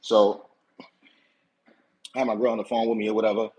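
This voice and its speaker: A man's voice: fairly low pitch, level tone, brisk, a little mellow, slight background noise, low-quality recording. A man hosting his own channel tells a casual, aggrieved story. He is slangy, repeats himself and keeps asking "you know what I'm saying.". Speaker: channel host.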